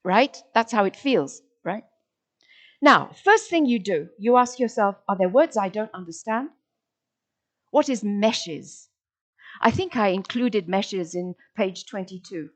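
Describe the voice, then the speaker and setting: A woman's voice: medium pitch, slow pace. A woman giving a lecture, stressing the rhythm of words and asking her listeners rhetorical questions. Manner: expressive, sounding out rhythm of words. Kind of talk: lecture with dramatic read-aloud passages.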